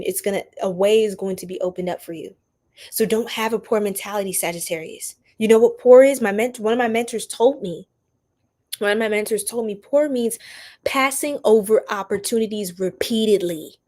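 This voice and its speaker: Woman, young adult, tarot livestream host, casual animated chat, slangy asides. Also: mid-range voice, a little fast. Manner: animated, laughing, preachy slang-filled asides.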